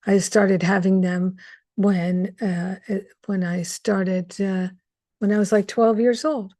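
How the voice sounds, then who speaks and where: A woman giving a heartfelt, conversational spiritual talk, pausing on fillers and restarting her sentences as she reflects. Her voice sits at a middling pitch and sounds close and dry, with no room around it. She is recorded through a video call mic. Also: steady tone, warm tone, no echo. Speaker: spiritual teacher hosting an online gathering.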